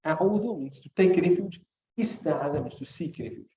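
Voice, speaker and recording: A man's voice: fairly high pitch, expressive, fast talker, mellow, a little hiss or hum. A man teaching a class on hadith, explaining Arabic words one by one and asking the class rhetorical questions. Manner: recites classical Arabic phrases between English. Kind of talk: classroom lesson. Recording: muffled recording in echoey room.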